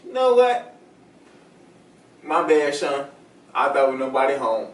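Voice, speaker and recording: A young man playing an excitable burglar with a squeaky voice, full of slangy exclamations in a comedy skit. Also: unhurried. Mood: sheepish. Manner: gleeful exclamations, slangy street talk. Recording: roomy and far from the mic.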